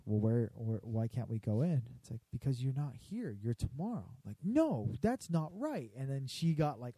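A man's voice: medium pitch, mellow, no room sound. A man who works at a barbershop, casually swearing his way through a story about rude customers and acting out their lines. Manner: profane, storytelling, acts out customers. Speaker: barbershop worker. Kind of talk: casual chat.

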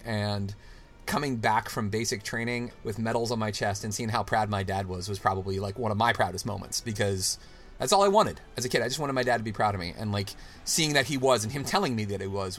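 A man's voice: fairly low pitch, a bit bright. A young adult man hosting a podcast, telling heartfelt stories in a rambling, casual way with many restarts. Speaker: podcast host. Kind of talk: casual chat.

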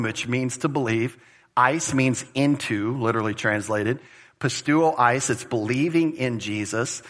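Husky, bright-voiced man preaching emphatically. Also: medium pitch. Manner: animated, emphatic, conversational preaching with Greek word study. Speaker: pastor. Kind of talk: expository sermon.

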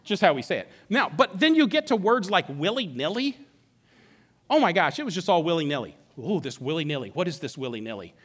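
A middle-aged male pastor preaching with a high, bright voice. His pitch swings widely as he tells the story in a playful, animated way, often restarting his sentences. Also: a little fast, slightly rough. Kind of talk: sermon.

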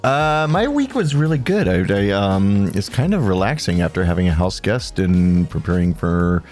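A man's voice: deep voice, big pitch swings, a little mellow, faint music behind. A man co-hosting a podcast, making wry jokes in casual banter. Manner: wry, joking, quick to laugh. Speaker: podcast co-host.

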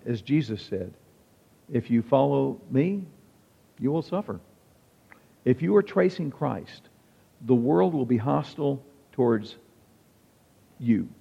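A man's voice: medium pitch, creaky, breathy edge. Male pastor, conversational sermon with wry asides; muffled, reverberant hall sound. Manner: conversational, wry preaching with quoted examples.

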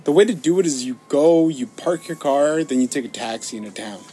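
A man in his thirties telling a long, animated story in a casual chat, cursing often. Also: fairly high pitch, fairly quick, a little hiss or hum.

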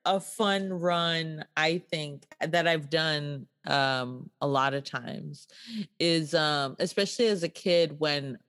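A young woman in casual comedic chat, unhurried and laughing along with dry jokes. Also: deep voice, fairly bright tone.

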